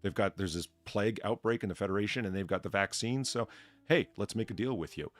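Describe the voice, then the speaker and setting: A man's voice: fairly low pitch, fast, faint music behind. A man hosting a livestream in casual chat, telling rambling stories with lots of swearing and jokes. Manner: profane, rambling, jokey storyteller. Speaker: stream host.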